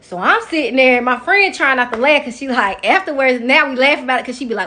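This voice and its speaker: Woman, higher-pitched voice, young adult, casual storytime vlog, animated emotional retelling, talks to the viewers. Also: brisk, few pauses. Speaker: vlogger telling a personal story.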